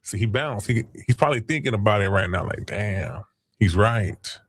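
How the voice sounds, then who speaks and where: Brief: livestream host, male, low voice, mocking trash talk, swears freely. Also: quick pace, fairly bright tone, husky, no room sound, clean studio sound. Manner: taunting, trash-talking chat users; crude, profane slang. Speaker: stream host. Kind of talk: casual livestream chat.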